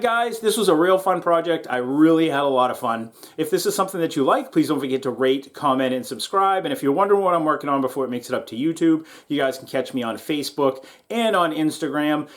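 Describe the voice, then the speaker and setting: A chatty middle-aged man hosts a welding vlog, his voice pitched a little above the usual for a man. He talks to viewers in a loose, friendly way, often slipping in a laugh and calling them guys. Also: brisk. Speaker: YouTube welding channel host. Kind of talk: casual how-to vlog and storytelling. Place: partly outdoors in strong wind.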